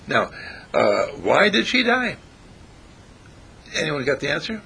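A man's voice: a little high, wildly swooping pitch, slow, creaky, sharp tone, a little hiss or hum. A man giving an informal spiritual talk to a small group, asking his listeners questions and chuckling often. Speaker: spiritual teacher.

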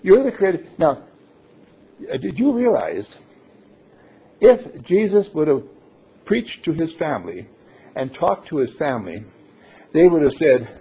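A man with a very husky, breathy voice delivers a sermon, his pitch swinging widely as he jokes and laughs with his listeners. The recording is dull and lo-fi. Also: a little slow, pauses often. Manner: playful, animated, laughing often. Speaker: minister.

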